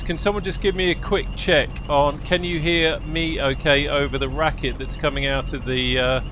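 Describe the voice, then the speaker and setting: A man narrates his helicopter flight live, chatty and self-mocking as he talks himself through each check. His voice sits at an everyday middle pitch, with a loud helicopter engine roaring steadily behind him. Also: background noise. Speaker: flight sim streamer. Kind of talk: live-streamed flight sim commentary.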